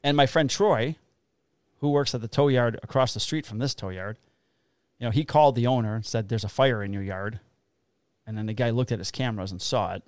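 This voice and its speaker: A man, a police officer co-hosting a podcast, telling a story in a casual, animated way with a lot of swearing. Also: medium pitch, fairly quick, dry recording, clean studio sound. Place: Illinois.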